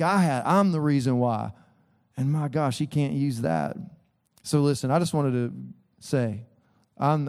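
A man's voice: medium pitch, warm tone. Earnest man preaching a conversational sermon. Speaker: pastor. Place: church sanctuary.

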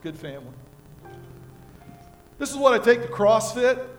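An older American pastor preaches in a high-pitched voice, telling homey stories and moving from hushed moments to loud peaks. Music plays clearly behind his sermon. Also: sing-song, moderate pace. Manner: folksy storytelling with props, swinging from quiet to loud.

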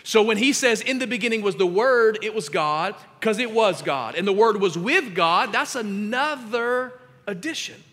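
A man preaching a sermon as pastor, with emphatic delivery that grows louder on scripture readings. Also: high-pitched, moderate pace, long reverb tail. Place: church sanctuary.

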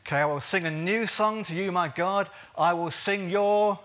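Male preacher, bright and fairly high voice, earnest with playful asides. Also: normal speed. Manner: earnest, jokey asides, stretches words for emphasis. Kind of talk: sermon.

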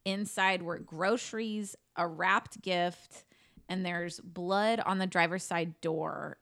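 A woman's voice: on the low side, fairly even intonation, slow pace, gravelly, a bit bright. A woman telling a true-crime case to her co-hosts in a casual, chatty way, swearing now and then and saying "like" a lot. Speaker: podcast co-host telling a case.

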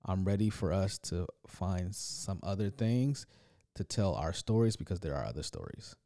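Guy on a podcast, lowish voice, chill but gets animated telling a story. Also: normal speed. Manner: laid-back, animated storytelling. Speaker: podcast co-host. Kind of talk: casual chat.

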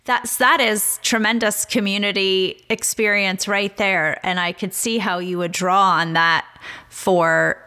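A woman's voice: medium pitch, fairly even intonation, unhurried, sharp tone. A woman interviewing a guest in a supportive, affirming way. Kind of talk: interview conversation.

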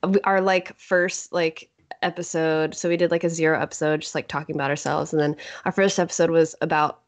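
A woman's voice: deep voice, steady tone, brisk. A woman guest on a podcast, talking casually with lots of fillers and laughter. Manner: rambling, full of fillers, laughs often. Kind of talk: casual roundtable chat.

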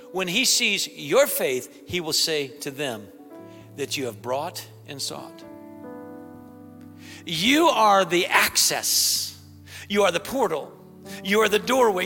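A man preaching a sermon as pastor, excitable and bursting into shouts, in a large church hall. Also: high-pitched, creaky.

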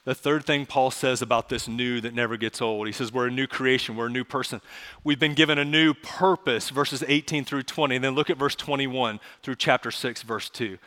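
A man preaching a sermon as pastor, earnest and pleading, slowing down for emphasis. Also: mid-range voice, steady tone, sharp tone. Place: church sanctuary. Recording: long church hall reverb.

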